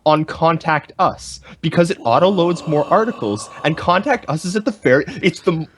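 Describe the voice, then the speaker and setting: A man's voice: a little high, animated, normal speed, slight background noise. A man co-hosting a live podcast, ranting animatedly through a story in casual chat. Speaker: podcast co-host.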